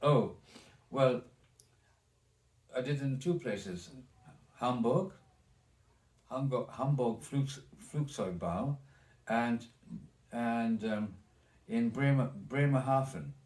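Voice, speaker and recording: A man's voice: medium pitch, slow pace, long pauses, darkish tone, far from the mic. A man in his eighties with a German accent, recalling his life in a recorded oral history interview, rambling with many restarts and repeated words. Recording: echoey room, off mic.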